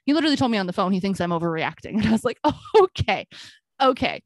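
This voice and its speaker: A woman's voice: mid-range voice, very fast, dry recording. A woman co-hosting a podcast, telling a story in casual chat and acting out the back-and-forth of a conversation. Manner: animated storytelling, acting out quoted exchanges with frequent "I'm like". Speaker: podcast co-host.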